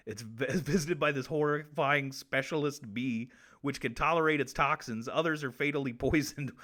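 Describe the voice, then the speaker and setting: A man's voice: on the high side, bright, forceful tone. A man hosting a comedy show, ranting crude facts and swearing constantly. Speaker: host. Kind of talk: profane comedic fact monologue.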